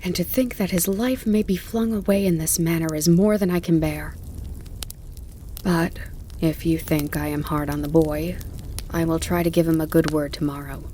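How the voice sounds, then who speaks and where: A woman reading the part of an earnest male groom in an audiobook, speaking slowly and softly, then loudly and indignantly. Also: deep voice, fairly even intonation, natural voice. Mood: sorrowful, hushed. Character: kind earnest male groom, working man. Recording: faint crackling campfire behind.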